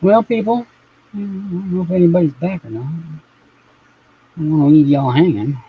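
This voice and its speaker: A man's voice: on the high side, normal speed, husky, phone-quality sound. A man chatting casually on a live stream, rambling and swearing offhand as he reacts to things.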